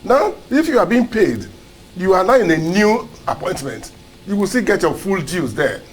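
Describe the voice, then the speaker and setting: A man with a fairly high voice gives earnest political commentary in a broadcast studio. He argues his case at length, stumbling over and repeating words as he pushes his point. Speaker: co-host and commentator.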